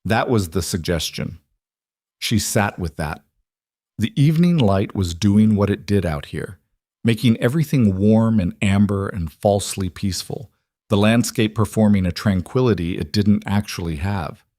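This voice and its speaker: A man narrating a story in a calm, even audiobook reading. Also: fairly low pitch, moderate pace, dry recording, studio quality.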